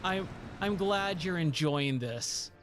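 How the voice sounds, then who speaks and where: A tired, hoarse man chatting casually while live-streaming a game, rambling and repeating words. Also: high-pitched, expressive, slow pace, music in the background.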